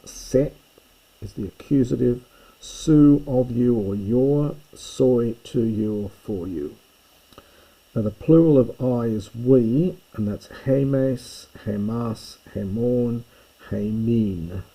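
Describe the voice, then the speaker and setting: Husky, dark-voiced man teaching Greek. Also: mid-range voice, poor audio. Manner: methodical, explaining forms step by step. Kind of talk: recorded lecture.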